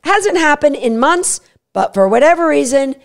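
A woman hosting a podcast on dog training, talking energetically and acting out the dog's voice in quick asides. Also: high-pitched, very animated. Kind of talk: solo podcast teaching.

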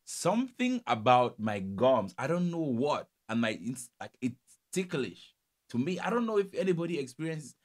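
A man's voice: mid-range voice, big pitch swings, normal speed. A man from Cameroon, giving casual, teasing reaction commentary and laughing often. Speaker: reaction video host.

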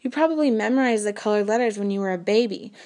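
A woman's voice: mid-range voice, dark tone, lightly acted. A woman reading as an eager, worried mother. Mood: excited. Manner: eager, quick to jump to conclusions. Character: worried, excitable mother of a teenage girl. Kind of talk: audiobook reading.

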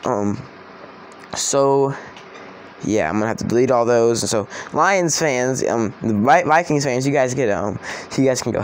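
A man's voice: mid-range voice, moderate pace, a little hiss or hum. Rambling, chatty young-sounding man. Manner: rambling, self-correcting, chatty. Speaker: sports vlogger. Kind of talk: casual sports predictions vlog.

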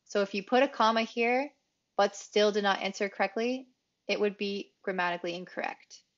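Woman teaching grammar, clear and explanatory. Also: medium pitch, normal speed, muffled recording. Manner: clear, explanatory, repeats key phrases for emphasis. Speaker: English teacher. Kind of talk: grammar lesson.

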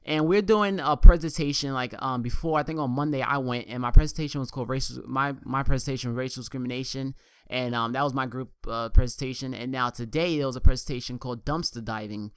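A man's voice: medium pitch, fairly even intonation, fast, smooth, no room sound, clean studio sound. A young man around twenty with a New York accent, chatting casually and rambling loosely over live gameplay on his gaming channel.

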